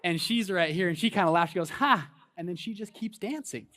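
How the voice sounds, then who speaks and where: A man's voice: high voice, fairly quick. A man in his thirties giving a motivational talk on stage, telling a personal story and hyping up the crowd. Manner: storytelling, animated, hypes the crowd. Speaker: conference speaker. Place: large event hall on stage.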